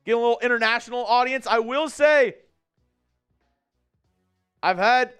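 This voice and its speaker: High-voiced excitable male stream host. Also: unhurried, smooth, soft background music. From Texas. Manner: upbeat and chatty, shouting on big plays. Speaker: live-stream host and play-by-play commentator. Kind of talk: casual live-stream watch-along commentary. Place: studio at company headquarters.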